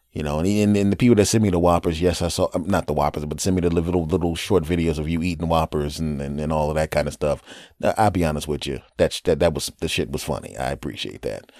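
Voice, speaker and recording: Man, very deep voice, crude joking podcast host, rambling solo storytelling, dry close sound. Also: warm tone, dry recording. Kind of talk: casual solo podcast monologue.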